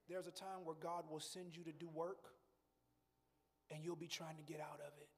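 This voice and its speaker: Preacher man, high and a bit raspy, hollering up to shouts, long hall echo. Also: flat delivery, moderate pace, long pauses. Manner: preaching with rising shouts and call-and-response asides. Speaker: pastor. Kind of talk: sermon.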